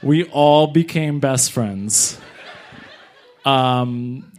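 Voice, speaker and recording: Animated slangy stand-up comedian man. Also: mid-range voice, a little hiss or hum. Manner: animated, slangy, jumps into voices. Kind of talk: stand-up storytelling.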